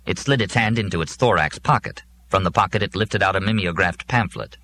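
A man narrating a science fiction audiobook in a measured, plain way. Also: low-pitched, animated, bright, forceful tone, slight background noise.

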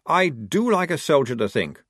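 A man's voice: a little high, big pitch swings, moderate pace, a bit bright, breathy edge, no room sound, studio quality, voice pushed up, full character voice. A man doing a prissy, pompous young officer. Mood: prim. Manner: raised, prissy, mannered speech.

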